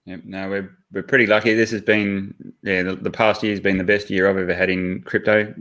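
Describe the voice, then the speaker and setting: An Australian man chatting as a guest on a live call, friendly and relaxed, with halting restarts. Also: sits low. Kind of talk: casual chat.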